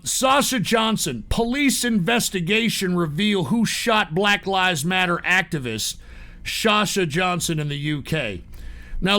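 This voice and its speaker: A high-pitched man with a gravelly, rough edge and a sharp, tense tone. He rants in a profane, angry stream and keeps breaking into loud shouted outbursts. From Texas. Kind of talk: angry political rant.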